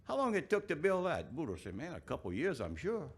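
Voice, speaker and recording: A man, the event's emcee, telling a joke in a rambling, halting way and chuckling at his own lines. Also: a little high, huge pitch swings, husky.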